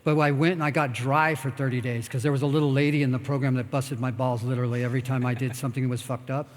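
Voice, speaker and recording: A man's voice: medium pitch, little pitch movement, fast. An older American man giving a candid, rambling talk on stage and answering audience questions, blunt and full of swearing. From United States. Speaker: guest speaker. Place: expo talk stage in a large hall. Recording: long hall reverb.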